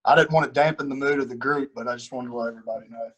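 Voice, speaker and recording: A man speaking up as a participant on a video call, subdued and measured. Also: medium pitch, fairly even intonation, a bit bright, low-quality recording.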